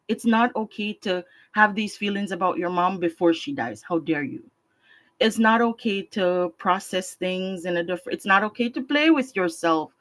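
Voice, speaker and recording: A woman's voice: lowish voice, low-quality recording. Woman sharing animatedly on a call. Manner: animated, acts out inner voices, laughs often. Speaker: discussion group participant. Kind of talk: personal sharing in a group session.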